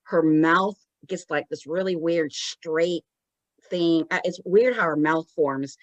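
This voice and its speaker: A woman podcast co-host recapping a show in casual chat, an animated storyteller. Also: low-pitched, takes it slowly, highs cut off. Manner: animated storyteller, acts out quotes.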